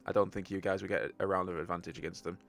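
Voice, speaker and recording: A man's voice: low voice, little pitch movement, racing, fairly bright tone. A man narrating a tabletop game as game master over an online voice call, joking and laughing easily. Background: faint battle music.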